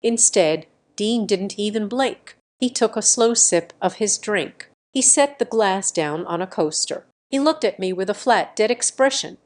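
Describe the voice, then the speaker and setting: A woman narrating a first-person family drama story in an even, steady, scripted reading. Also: medium pitch, unhurried, few pauses.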